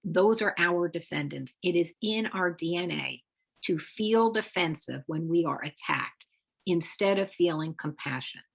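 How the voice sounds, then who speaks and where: A middle-aged woman presenting a parenting webinar, explaining steps in a measured way and sometimes lifting her voice for emphasis. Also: fairly low pitch, vocal fry, breathy edge. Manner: measured, explanatory delivery with occasional lively emphasis. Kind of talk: instructional talk with demonstration phrases.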